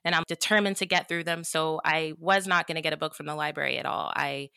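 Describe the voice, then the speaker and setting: A woman hosting a podcast, telling a story in an animated, chatty way with casual swearing and plenty of "like". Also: low voice, fast talker, vocal fry, clear, resonant tone, dry recording, studio quality. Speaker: podcast host.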